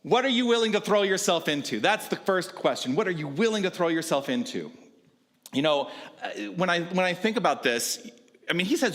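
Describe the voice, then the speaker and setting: Fairly high-voiced minister with hay fever. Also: male voice, sing-song, moderate pace, fairly bright tone, in a large hall. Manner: chatty and self-deprecating, laughs often; restarts and stammers, clears his throat. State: stuffy with hay fever, short of breath. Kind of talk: sermon. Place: church sanctuary.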